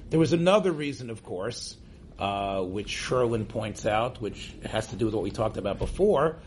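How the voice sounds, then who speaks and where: With a fairly low, lively voice at normal speed, a rabbi from the United States lectures informally on religion to listeners in a classroom; slight background noise is audible. His style is conversational, full of restarts and frequent "right?" check-ins.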